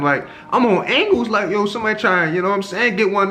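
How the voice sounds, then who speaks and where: A young man vlogging a casual storytime, animated and full of slang and swearing, his pitch leaping up whenever he acts out his own reactions. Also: fast talker, hardly any pauses. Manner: animated, profane slang-heavy storytelling with sharp jumps in pitch on quoted reactions.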